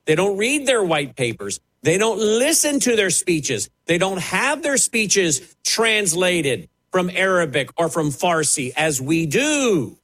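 A man's voice: high voice, big pitch swings, slow pace, few pauses, a bit bright, low-quality recording. A man preaching, fiery and emphatic, mocking the voices he quotes. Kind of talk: preaching sermon.

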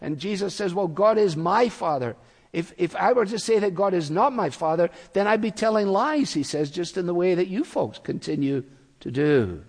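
A man preaching a sermon, speaking earnestly and slowing down to quote scripture. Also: sits high, lively intonation, long reverb tail. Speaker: pastor.

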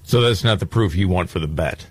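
A man's voice: deep voice, brisk, breathy edge, dry recording. A man hosting a talk radio show, joking and bantering with his co-host. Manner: joking, animated storytelling.

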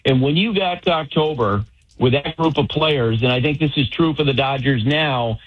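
Middle-aged man, sports radio analyst, opinionated, mid-pitched voice, muffled lo-fi radio audio. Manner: opinionated, piles up quick examples. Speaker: baseball analyst. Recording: dull lo-fi radio sound.

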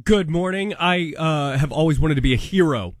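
A man's voice: on the high side, moderate pace, no room sound, clean studio sound. A man on a morning radio show, telling a story in a self-deprecating way.

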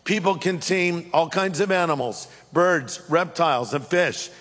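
High-voiced pastor in a reverberant hall. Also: male voice. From California. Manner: animated storytelling, reads scripture slowly. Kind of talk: sermon with personal story.

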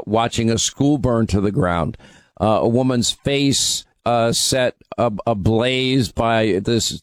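A man's voice: fairly low pitch, dry recording. A man hosting a talk radio show, taking calls and giving emphatic commentary with frequent fillers.

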